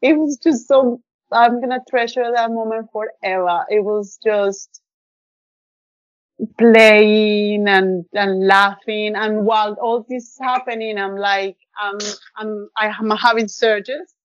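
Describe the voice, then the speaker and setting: A woman's voice: mid-range voice, fairly even intonation, slow, no echo. A woman shares a personal story as a podcast guest, effusive and heartfelt, her speech full of little fillers. The sound is dry with no room around it, and a bit dull and lo-fi. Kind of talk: casual storytelling interview.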